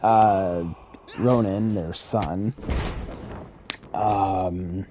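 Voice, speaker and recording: A man's voice: low voice, fairly even intonation, drawn-out words, mellow, slight background noise. A man casually retelling a wrestling game storyline, rambling and profane, with chuckles. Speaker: gaming creator.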